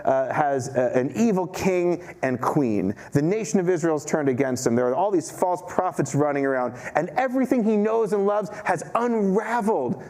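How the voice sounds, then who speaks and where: Storytelling rabbi, a man, slightly high. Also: lively intonation, normal speed, hardly any pauses, a little mellow. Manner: storytelling, self-mocking, acts out quotes. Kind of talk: sermon. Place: synagogue chapel.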